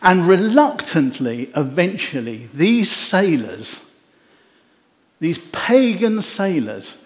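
A man preaching a sermon, telling the story in an animated way with wry jokes. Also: sits high, slow. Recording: echoey hall.

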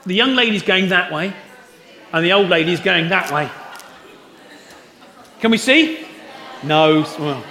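A man preaching in a church hall, his voice high for a man and bright, with long echoes trailing off the walls. He talks at an unhurried pace and keeps turning to the congregation with questions. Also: lively intonation. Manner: conversational, asks the congregation questions. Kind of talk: Easter sermon. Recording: roomy hall echo.

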